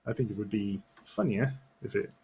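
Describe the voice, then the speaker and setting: A man's voice: on the low side, moderate pace, mellow. A man in a tabletop game session explains his character's rules, thinking aloud as he goes. A faint ambient noise sits behind him. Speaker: player. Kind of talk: casual tabletop game talk.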